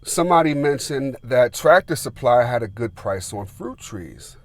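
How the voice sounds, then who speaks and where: A man's voice: mid-range voice, normal speed, no echo. Rambling man telling a story. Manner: rambling, filler-heavy, animated retelling. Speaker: gardening vlogger. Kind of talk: casual storytelling.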